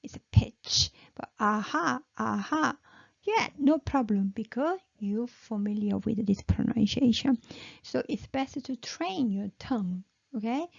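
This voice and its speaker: Woman, Korean accent, pronunciation teacher, fairly high voice, dry lo-fi sound. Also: animated, vocal fry, darkish tone, slightly rough, no echo. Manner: repeats syllables slowly, coaching the listener. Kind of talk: pronunciation lesson.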